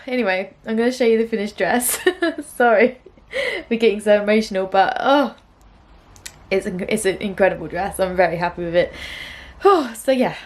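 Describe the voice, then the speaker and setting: Chatty young woman vlogging. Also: mid-range voice. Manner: chatty and gentle, with frequent fillers and soft laughs. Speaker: sewing vlogger. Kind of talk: casual chat to camera. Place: small room at home.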